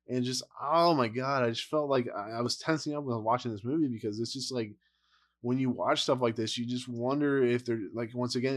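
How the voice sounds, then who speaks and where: A man giving a casual, blunt movie review rant, exasperated and rambling, with frequent laughs. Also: mid-range voice.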